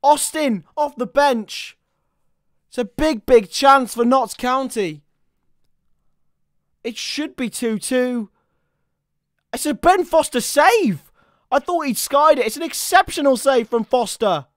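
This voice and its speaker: A man giving live football commentary, chatty with listeners and bursting into shouts at chances and goals. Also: extremely high pitch, expressive, slow, long pauses, no room sound, studio quality.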